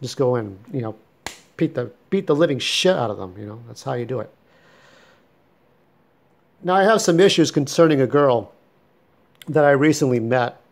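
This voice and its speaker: A man talks alone late at night in a blunt, bitter, profane monologue. His voice sits at an ordinary mid pitch. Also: expressive, moderate pace, creaky, long pauses. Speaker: vlogger. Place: at home at night.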